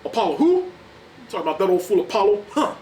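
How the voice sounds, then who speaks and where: A man voicing a brash, angry male boxer who taunts his rivals in a loud, aggressive way. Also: fairly high pitch, expressive, fast talker, far from the mic, a little hiss or hum. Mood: mocking. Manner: loud, aggressive, trash-talking.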